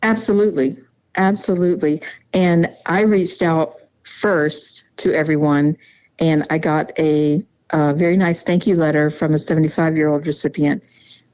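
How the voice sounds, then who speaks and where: A middle-aged woman, a donor's mother, telling personal memories in a halting way, repeating words and laughing softly between them. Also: sits low, steady tone, poor audio. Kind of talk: emotional personal storytelling.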